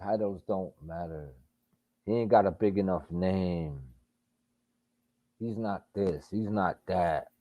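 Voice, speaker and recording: A man's voice: low-pitched, mellow, no echo. A man hosting a live boxing stream, reacting in casual, profane, emphatic commentary. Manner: profane, emphatic, drawn-out remarks. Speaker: boxing livestream host.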